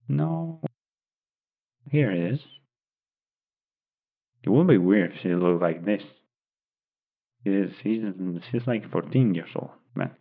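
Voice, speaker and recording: A man improvising a story aloud, rambling and thinking as he describes pictures, recorded on tinny phone-like audio. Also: deep voice. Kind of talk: unscripted story narration.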